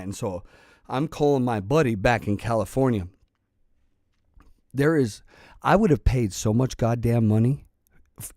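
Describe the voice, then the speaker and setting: A man's voice: mid-range voice, a little mellow, no room sound, studio quality. A man telling a personal story in a casual, rambling way, swearing freely and restarting his sentences often. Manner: rambling and profane, with many restarts. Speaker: channel host.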